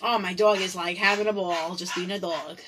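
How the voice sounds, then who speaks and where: A woman giving casual tarot readings on a livestream, chatty and giggly, dropping into soft prayers to her spirit guides. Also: mid-range voice, background noise. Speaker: tarot card reader. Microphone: phone or computer on a live video stream.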